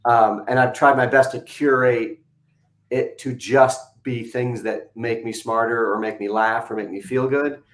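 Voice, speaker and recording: A man speaking as a podcast guest in relaxed casual chat. He chuckles often and fills pauses with ums and uhs. His voice carries a roomy echo. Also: medium pitch. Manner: laid-back, chuckling, with many fillers.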